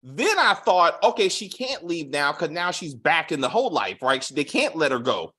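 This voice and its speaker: Animated husky man, casual review chat. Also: fairly high pitch, moderate pace. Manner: animated, profane, acts out characters' lines. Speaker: co-host reviewing a TV series.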